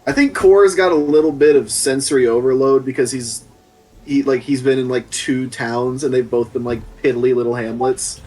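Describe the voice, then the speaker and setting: A man playing a tabletop game, talking casually and unsurely, stringing his thoughts with fillers. His voice sits at an ordinary middle pitch. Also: moderate pace, warm tone. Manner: hesitant, many likes. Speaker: player.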